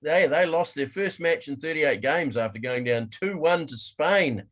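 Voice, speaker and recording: A man's voice: fairly high pitch, a little slow, a bit bright. A man co-hosting a sports podcast, reading the news steadily with dry jokes. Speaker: podcast co-host.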